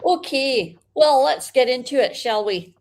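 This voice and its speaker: A Canadian woman hosting a casual real estate chat show, playful and lively. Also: sits high, a little slow. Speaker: host.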